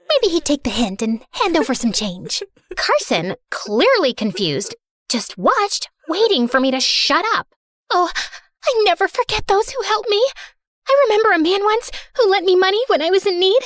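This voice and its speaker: Brief: woman playing a spoiled, sarcastic heiress narrating her own story; very high, swooping delivery, close and dry. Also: a bit bright, no room sound. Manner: theatrical, sarcastic, self-centered. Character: spoiled, dramatic rich young woman. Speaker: first-person narrator. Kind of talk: animated story narration in character.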